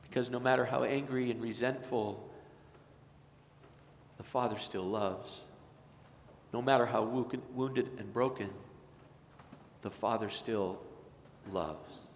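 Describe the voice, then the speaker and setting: A man's voice: medium pitch, takes it slowly, long pauses. A man preaching a sermon as a pastor, in an earnest, tender way. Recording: echoey church hall, faint noise.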